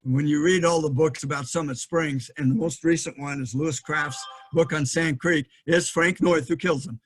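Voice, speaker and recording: Brief: middle-aged male lecturer, voice a touch high, halting delivery with many ums and restarts. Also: steady tone. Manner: thinking aloud, frequent fillers and restarts. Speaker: historian giving a lecture. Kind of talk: lecture presentation with slides.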